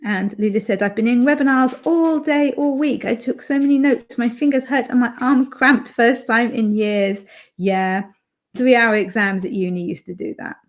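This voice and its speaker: A British woman streams live from home with a voice on the high side and a moderate pace. She chats casually and reads viewers' comments aloud, scattering lots of fillers as she goes.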